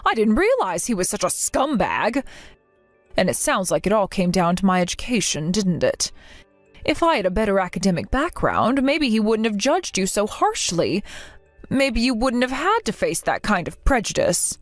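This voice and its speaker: A woman voicing a gentle middle-aged mother who talks in a soothing, reassuring way. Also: mid-range voice, big pitch swings, moderate pace, no echo, faint music behind, close to an everyday voice. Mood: tender.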